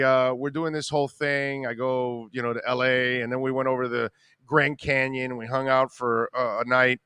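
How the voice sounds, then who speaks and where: A man hosting a talk radio show, telling a rambling, animated personal story in casual conversation. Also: medium pitch, smooth, no echo.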